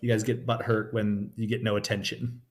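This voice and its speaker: A man's voice: on the low side, level tone, a little fast. A man hosting a podcast, talking in casual chat with a wry, teasing manner. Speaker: podcast host.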